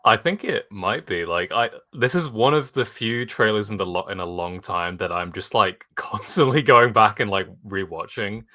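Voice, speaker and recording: A man co-hosts a gaming podcast in casual chat. His voice is fairly low but bright and forceful, and he rambles eagerly, full of fillers and restarts. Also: lively intonation, normal speed, hardly any pauses. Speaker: podcast co-host.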